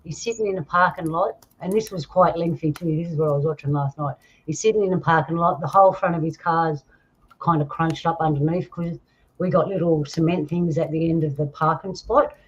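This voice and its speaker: A woman's voice: low-pitched, a little fast, slightly rough. An Australian woman hosting a casual chat, telling stories and laughing often. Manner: chatty storyteller, laughs often. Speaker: host. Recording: dull lo-fi sound with faint noise.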